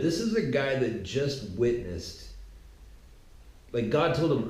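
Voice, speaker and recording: A man's voice: medium pitch, slow pace, pauses often. Slangy man retelling scripture, echoey. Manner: conversational, slangy, animated storytelling. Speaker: podcaster. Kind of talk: informal bible retelling. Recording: echoey room.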